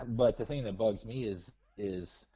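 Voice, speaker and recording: A man with a low, mellow voice calls in and chats casually. He grumbles about himself in a self-deprecating way. His voice comes through a dull, lo-fi line. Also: slow, slightly rough. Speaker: caller. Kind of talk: casual chat.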